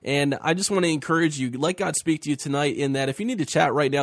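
A man's voice: a little high, fast, dry recording, clean studio sound. Man teaching Bible stories with feeling. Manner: animated, acting out the biblical speakers' lines. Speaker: co-host of a faith talk show.

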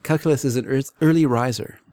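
A man's voice: medium pitch, fast, mellow, dry recording. A man co-hosting a podcast, chatting casually and tossing in wry jokey asides. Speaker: podcast co-host. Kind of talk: casual chat.

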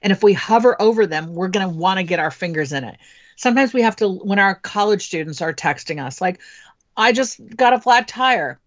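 A middle-aged woman talks frankly as a podcast guest and drifts into reflective stories from her own life. Her voice sits fairly low. The recording is dry and a little dull, with the lo-fi feel of a podcast mic. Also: expressive, fast talker, dry recording. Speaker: parenting guest. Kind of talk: conversational podcast interview.

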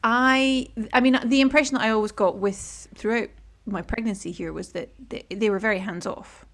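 A woman's voice: mid-range voice, steady tone, moderate pace. A woman hosting a podcast, speaking thoughtfully and casually with hesitant "you know"s. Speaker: podcast host. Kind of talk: casual conversation.

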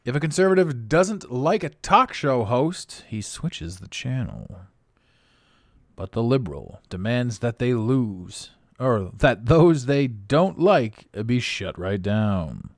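He speaks slowly, hosting his own podcast in a rambling, easygoing monologue and often laughing at himself. Animated pitch swings run throughout. The sound is clean studio audio with no room sound.

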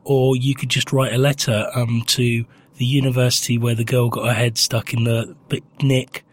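A man's voice: medium pitch, level tone, normal speed. Joking man on a podcast. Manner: dry, playful asides. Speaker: podcast co-host. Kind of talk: casual chat.

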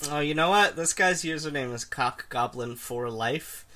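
Bright-voiced, amused podcast man. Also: fairly high pitch, moderate pace. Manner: laid-back, amused, dry remarks. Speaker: podcast co-host. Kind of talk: casual podcast banter.

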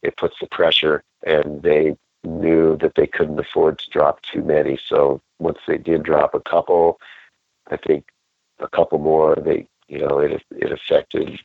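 A man's voice: rumbling low, level tone, measured pace, vocal fry, breathy edge, dry recording, phone-quality sound. A man guest telling a story in a loose, rambling way, often restarting mid-sentence. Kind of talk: casual storytelling.

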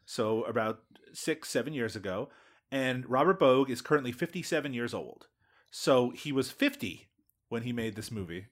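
Podcast host guy, lively swingy voice, goofy over-the-top delivery, swears a lot. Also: medium pitch, moderate pace. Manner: playful, mock-dramatic, swears freely. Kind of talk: casual podcast chat.

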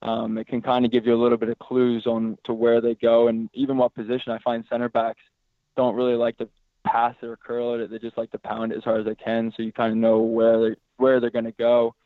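A man's voice worn hoarse and raspy from yelling, relaxed and rambling. He is heard over a thin, phone-like line with a dry, close sound. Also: mid-range voice, a little fast, no echo. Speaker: goalkeeper guest. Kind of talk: casual interview.

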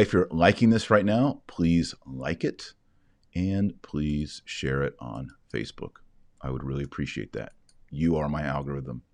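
Deep-voiced man with lively delivery. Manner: emphatic, swings between loud emphasis and quiet asides. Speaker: online show host. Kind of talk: reading and commenting on an article to viewers.

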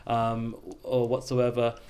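A man's voice: medium pitch, monotone, slow, darkish tone, clear, resonant tone. A man from England, chatting casually on a podcast, jokey and self-deprecating. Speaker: podcast co-host. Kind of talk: casual chat.

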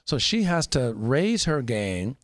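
A man's voice: medium pitch, very animated, slow, no echo, studio quality. A man hosting a casual talk, explaining ideas step by step like a coach. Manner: coaching, explains with points and tips. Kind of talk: casual talk show discussion.

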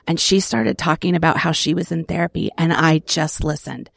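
Middle-aged woman, recovery testimony, earnest and reflective, slightly low voice, dry recording. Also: steady tone, moderate pace, vocal fry, no room sound. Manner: earnest, reflective, laughs softly between phrases. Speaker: recovery program member sharing her story. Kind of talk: personal testimony.

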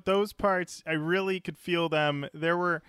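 A man co-hosting a music podcast with a bright, slightly high voice, talking in a wry, rambling way. The recording is dry and close. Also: fairly even intonation, a little slow, clean tone, dry recording. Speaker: podcast co-host. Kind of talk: casual chat reviewing music.

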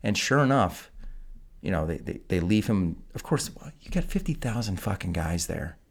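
A man's voice: low voice, lively intonation, normal speed, vocal fry. A man hosting a podcast, recapping a film in a casual, profane and incredulous rant. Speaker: podcast host. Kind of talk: casual film review chat.

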